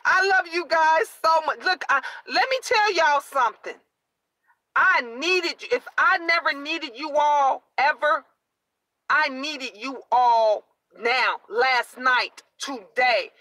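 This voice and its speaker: A middle-aged woman live-streaming to her viewers, excited and preachy, urging them to keep praying. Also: sits high, takes it slowly, no room sound, rough recording. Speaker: vlogger.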